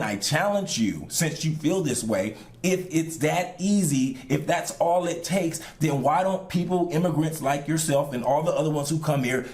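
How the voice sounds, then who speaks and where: Podcast guy reacting to a clip, mid-pitched voice, firm and lecturing. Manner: argumentative, lecturing, emphatic. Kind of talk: reaction commentary.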